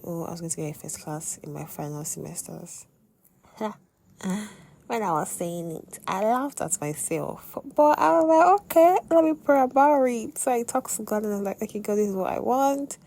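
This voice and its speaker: A young woman hosting a podcast, telling a personal faith testimony in an expressive way, with sudden exclamations. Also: deep voice, creaky. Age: young adult. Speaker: podcast host.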